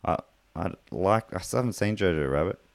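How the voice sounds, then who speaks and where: A man's voice: low-pitched, lively intonation, a little fast, gravelly, no room sound. A man hosting a podcast, chatting casually in a loose, rambling way with plenty of fillers and restarts. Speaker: podcast host and comedian. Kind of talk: casual podcast chat, reading listener mail.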